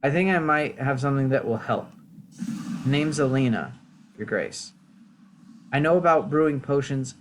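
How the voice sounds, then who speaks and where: A man's voice: mid-range voice, animated, normal speed, pauses often, a little hiss or hum, natural voice, rough recording. A man voicing a woman witch and healer in a game, with a put-on accent. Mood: wry.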